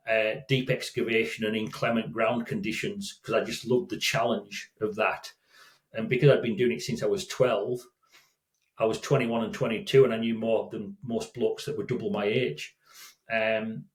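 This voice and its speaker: An older man, a guest telling stories in a casual, rambling way with frequent restarts. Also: on the low side. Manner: rambling, many restarts and self-corrections. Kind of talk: casual storytelling. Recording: roomy echo.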